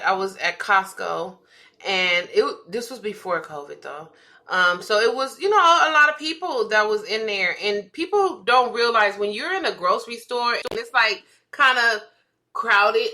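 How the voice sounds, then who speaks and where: A woman's voice: fairly high pitch, measured pace. A woman co-hosting a podcast, telling stories in a casual chat, laughing often and acting out what people said. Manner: animated storytelling, laughs often, acts out quotes. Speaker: podcast co-host, comedian.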